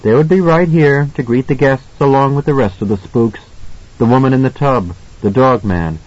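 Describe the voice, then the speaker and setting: A man narrating an audiobook in a measured, suspenseful reading style. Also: mid-range voice, darkish tone, muffled recording. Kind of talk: scripted narration.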